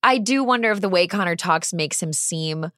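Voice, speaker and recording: A woman's voice: lowish voice, animated, normal speed, fairly bright tone, no room sound, clean studio sound. A woman guest on a podcast, telling stories animatedly in a casual chat and laughing often. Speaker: podcast guest, entertainment reporter.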